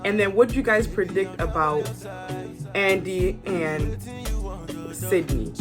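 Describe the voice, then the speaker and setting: A woman's voice: lowish voice, takes it slowly, music in the background. Chatty young woman reviewing reality TV. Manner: chatty, candid, acts out cast members' lines. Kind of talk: casual opinionated commentary.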